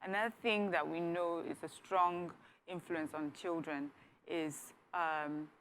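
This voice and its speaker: A woman co-hosting a TV talk show, making measured, reflective points in a panel discussion. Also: lowish voice, steady tone, a bit bright, slight background noise. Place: TV studio.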